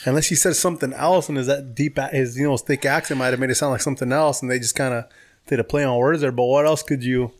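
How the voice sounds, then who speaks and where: A man's voice: mid-range voice, fairly even intonation, quick pace. A man co-hosting a podcast, chatting casually about sports in a laid-back, rambling way with casual swearing. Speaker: podcast co-host.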